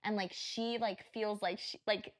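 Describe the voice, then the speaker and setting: A woman on a casual chat podcast retells a run-in at length, swearing freely and slipping into the voices of the people involved. Her voice sits at an ordinary middle pitch, and the delivery stays animated throughout. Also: unhurried. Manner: animated retelling, profane, acts out quotes. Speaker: podcast co-host.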